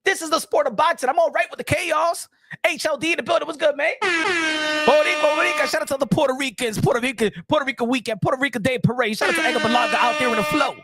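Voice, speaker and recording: A man hosting a boxing livestream, excitable and repetitive, dropping in Spanish phrases. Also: very high-pitched, very fast, over loud music. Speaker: boxing show host.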